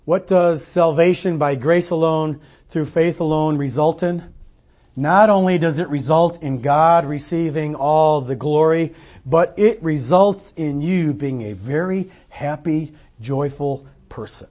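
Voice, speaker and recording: A male pastor delivers a sermon in a casual, conversational way, slipping into short acted-out quotes. His voice sits a little high. The recording is muffled and lo-fi. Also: measured pace, a little mellow. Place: church sanctuary.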